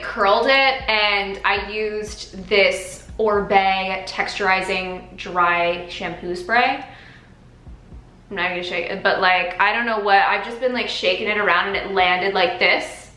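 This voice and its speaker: Speaking slowly in a mid-range voice that sounds pushed and bright, a beauty vlogger talks through her makeup tutorial. Her chat is casual and full of exclamations and fillers, captured with a roomy echo.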